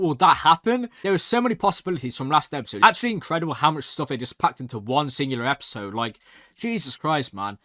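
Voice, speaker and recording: A young man hosting a reaction channel, excitedly rambling through a recap with lots of "like". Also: a little high, no room sound, studio quality. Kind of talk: casual recap and review.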